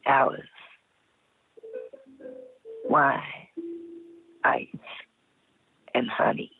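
A woman calling in from Cleveland, reading a sensual poem slowly in a put-on old lady voice. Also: very deep voice, steady tone, creaky, slightly rough, no echo, soft background music. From Cleveland, Ohio. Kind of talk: slow sensual poetry reading. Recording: tinny phone line, dry.

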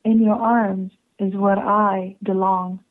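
A woman caller from Canada reading her own love poem slowly and tenderly over the phone. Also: mid-range voice, level tone. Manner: slow, tender recital with laughing asides. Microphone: telephone. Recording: tinny phone line.

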